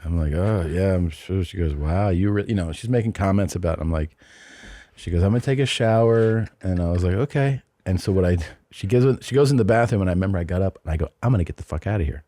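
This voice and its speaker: A man's voice: deep voice, fast talker, mellow, no room sound. A middle-aged man hosting a podcast, telling a long rambling anecdote in casual chat, often restarting and adding asides. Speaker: podcast host.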